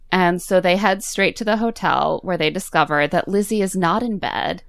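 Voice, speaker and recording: A woman hosting a casual podcast chat, retelling a movie plot with lively storytelling. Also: fairly low pitch, normal speed, vocal fry, few pauses, no echo, studio quality. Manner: animated storytelling with mock quotes. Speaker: podcast host recapping a movie.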